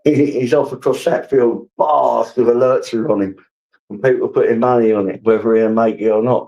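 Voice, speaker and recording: A man on a live stream, telling rambling stories full of swearing. His voice sits at an ordinary middle pitch. He talks straight to his chat in a loose, offhand way. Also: darkish tone, low-quality recording. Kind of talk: casual live-stream rant.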